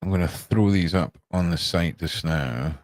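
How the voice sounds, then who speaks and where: A man's voice: deep voice, measured pace, no room sound. A man chatting casually on a live stream, muttering to himself as he works and tossing off playful asides.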